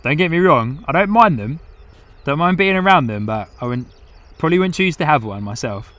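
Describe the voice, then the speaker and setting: A man's voice: fairly high pitch, animated, a little fast, a bit bright. A man hosting a live plane-spotting stream outdoors at an airport, commenting on planes in a chatty way and reading out viewer comments with frequent laughs.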